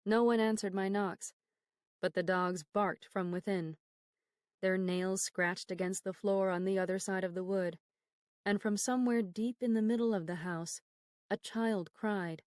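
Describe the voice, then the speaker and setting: A woman reading a horror novel aloud as an audiobook narrator, in a measured, grave storytelling manner, recorded on a close studio mic. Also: mid-range voice, steady tone, a little mellow, dry recording. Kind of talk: scripted narration.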